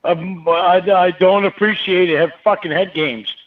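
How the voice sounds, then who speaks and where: A man's voice: high-pitched, steady tone, moderate pace. A very drunk man on a phone call who rambles, slurs and swears. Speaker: phone caller. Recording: tinny phone call, far from mic.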